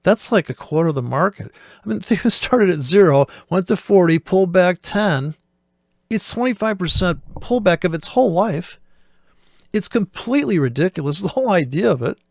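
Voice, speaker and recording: A man's voice: high-pitched, expressive, moderate pace, vocal fry, no echo, clean studio sound. A man hosting a show, giving rambling, sarcastic, profane commentary while reacting to a video. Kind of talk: casual commentary.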